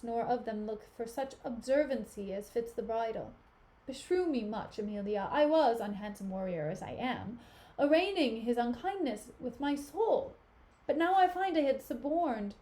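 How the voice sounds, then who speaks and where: Desdemona, an earnest young noblewoman, pleading and sincere, read by a woman. The voice is her natural reading voice, a touch high, with no put-on character. It sounds like an informal live read-through. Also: mellow.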